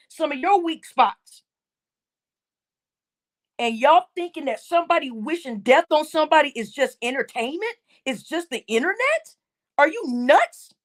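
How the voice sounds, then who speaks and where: High-pitched lady going off on her live chat, scolding, repeats herself a lot. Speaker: livestream host. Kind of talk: heated livestream rant.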